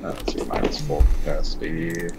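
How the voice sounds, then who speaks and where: A man playing a tabletop game with friends, thinking aloud slowly as he plans his character's moves. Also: extremely low pitch, level tone, creaky, heavy background noise. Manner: slow, thinking aloud while planning moves. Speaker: player. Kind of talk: casual tabletop game chat.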